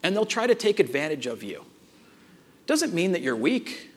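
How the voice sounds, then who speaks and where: A man preaching a sermon, telling a family story in an animated way and acting out the dialogue, with frequent restarts. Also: a little high, normal speed, slightly rough. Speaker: pastor.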